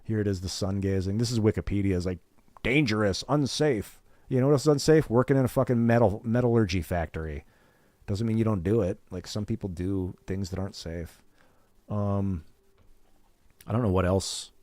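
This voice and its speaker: A man's voice: on the low side, brisk, warm tone, no room sound. A man hosting a gaming stream, chatting casually and candidly, swearing freely and acting out what other people said. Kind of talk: casual rambling chat.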